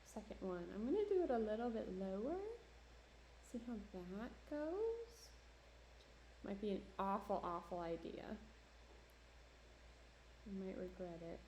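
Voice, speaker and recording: This New Jersey woman, shaping pottery on a livestream, keeps up a chatty, self-deprecating patter full of laughter. She speaks at a normal speed with frequent pauses in a warm mid-range voice. The room echoes, and there's a faint hiss or hum.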